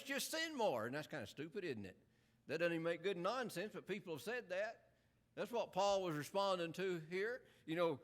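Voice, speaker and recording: A man's voice: sits high, fairly bright tone. A man preaching a sermon in an earnest, emphatic way, full of rhetorical questions.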